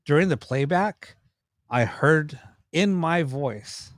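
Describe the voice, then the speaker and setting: A man's voice: fairly high pitch, takes it slowly, dry recording, studio quality. A man, a paranormal investigator and cameraman, telling stories in a casual, rambling way with many restarts. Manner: animated, rambling, with frequent restarts. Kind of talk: casual storytelling in a podcast interview.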